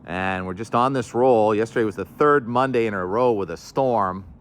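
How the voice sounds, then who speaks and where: A man's voice: fairly low pitch, normal speed. A man hosting a casual weather talk, rambling and correcting himself as he goes. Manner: chatty, rambling, self-correcting asides. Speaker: weather show host.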